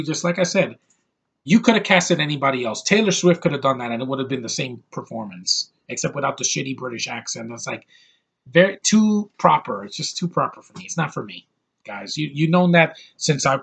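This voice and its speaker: A man's voice: mid-range voice, brisk, gravelly, a bit bright, slightly rough. A young man giving a brash, over-the-top movie review, ranting and swearing as he talks.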